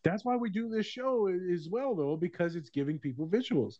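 A man's voice: sits high, expressive, a little fast, dark tone, no room sound, highs cut off. Profane, laughing male podcast host. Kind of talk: casual podcast chat.

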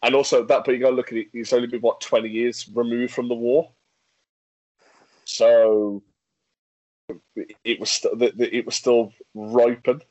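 An Englishman with a medium-pitched voice co-hosts a podcast in casual chat, speaking at a moderate pace with long pauses. He's animated, reading facts aloud and often restarting and laughing. The recording is dry and low in quality.

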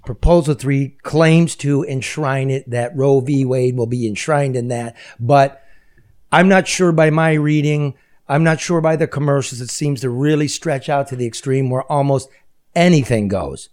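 A man hosting a talk show, chatting casually and making jokey, rambling sponsor pitches. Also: normal speed, darkish tone. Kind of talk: casual talk show chat with live ad reads.

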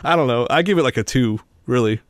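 A man with a mid-pitched voice in a dry, close recording, talking through a film he reviews. He is chatty and giggles between points. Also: fast, no room sound. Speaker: podcast co-host. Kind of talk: casual movie review chat.

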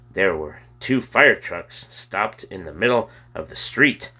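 Husky, forceful male storyteller. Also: low-pitched. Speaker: audiobook narrator. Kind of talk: reading a children's novel aloud.

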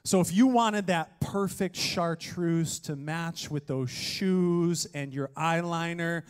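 A man preaching a sermon, energetic and joking, with playful asides to his congregation. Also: a little high, slow, clear, resonant tone. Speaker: pastor.

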